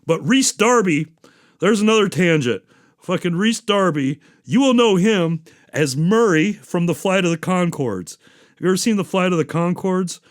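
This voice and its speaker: A man's voice: high voice, expressive, normal speed, no echo, studio quality. A man hosting a podcast, chatting casually and going off on profane tangents with small chuckles. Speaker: podcast host. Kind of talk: casual rambling chat.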